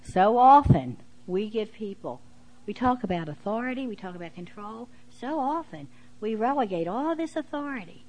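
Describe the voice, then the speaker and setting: A woman's voice: on the high side, lively intonation, normal speed, a little mellow, low-quality recording. A middle-aged woman giving a sermon in an earnest, conversational way, with frequent "you know" asides. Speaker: preacher and preschool teacher.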